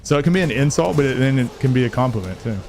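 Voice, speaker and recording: A man's voice: medium pitch, lively intonation, racing, darkish tone, faint music behind. Young guy streamer, rambling and swearing, tired late-night banter with chat. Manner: rambling, joking, swears freely, reacts to chat. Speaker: gaming streamer. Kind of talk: casual live-stream chat.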